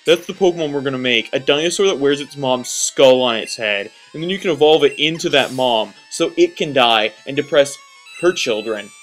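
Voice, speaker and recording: A man's voice: mid-range voice, moderate pace, fairly bright tone. Young male let's-play commentator, rambling and self-mocking, faint game music behind. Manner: rambling, self-deprecating, jokey. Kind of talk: casual gameplay commentary.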